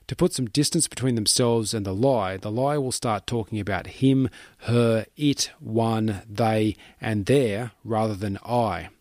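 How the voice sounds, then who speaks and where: A man reading a book summary aloud in steady, measured scripted narration. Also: lowish voice, no room sound, clean studio sound.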